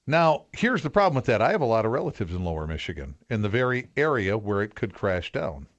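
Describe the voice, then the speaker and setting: A man's voice: lowish voice, sing-song, fast talker, lo-fi sound. A man co-hosting a radio show, chatting playfully and laughing often. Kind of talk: casual radio banter.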